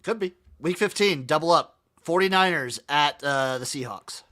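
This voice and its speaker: A man co-hosting a sports podcast, calling out each matchup and his pick in a brisk, casual way. His voice is bright and a little high, with lively rises and falls. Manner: brisk, runs through the matchups one by one. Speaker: podcast co-host.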